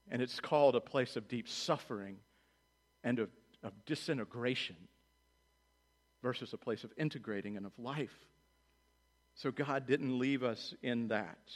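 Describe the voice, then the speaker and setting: A man preaching a sermon as pastor, animated, acting out quoted voices and dropping low and quiet for solemn lines. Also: moderate pace. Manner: animated, acts out voices of God and children in quotes.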